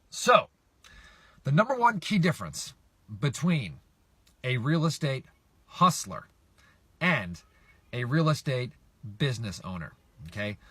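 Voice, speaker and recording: A man's voice: medium pitch, bright, forceful tone, no room sound. A middle-aged man coaching real estate investors on camera, emphatic and repetitive, often asking viewers to respond. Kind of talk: direct-to-camera coaching talk.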